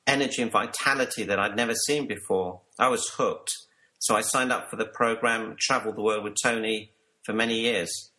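A man's voice: fairly low pitch, sharp tone, low-quality recording. A man working as a life coach, telling his personal story earnestly to an interviewer and sometimes repeating words.

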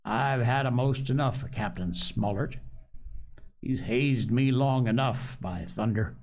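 A man's voice: mid-range voice, unhurried, a little mellow, pitched above the performer's own voice, close to an everyday voice. Man doing a growling pirate coxswain. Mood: impatient. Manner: growling, impatient. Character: grumbling impatient pirate coxswain.

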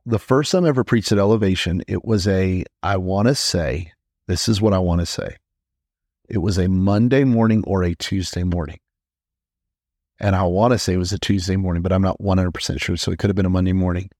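Brief: male pastor-host, deep voice, emphatic repetition, dry booth sound. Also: darkish tone, no echo. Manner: emphatic, repeats phrases for effect; frequent quick restarts and stammers. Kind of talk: conversational teaching podcast.

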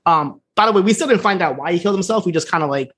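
A man's voice: sits high, animated, fairly bright tone, breathy edge. A man co-hosting a podcast, loosely retelling an episode in casual chat and acting out the lines he quotes. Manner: fast, loose retelling with voiced quotes and laughs. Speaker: podcast co-host.

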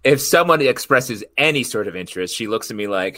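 A man's voice: medium pitch, lively intonation, a little fast, pushed and bright, no echo. A man co-hosting a casual podcast, joking and teasing the others. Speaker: podcast co-host. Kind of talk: casual chat.

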